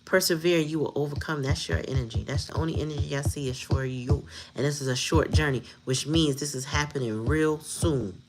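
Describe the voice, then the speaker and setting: A woman's voice: low voice, brisk, few pauses, slight background noise. A woman giving a casual tarot reading, blunt and profane, talking straight to her viewers and laughing often. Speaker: tarot reader.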